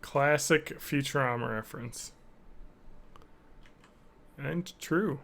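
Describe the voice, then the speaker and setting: A podcast host with a rough, gravelly edge to his mid-range voice. He rambles through casual chat and cracks jokes while gaming on a live stream. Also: mid-range voice, takes it slowly, a bit bright.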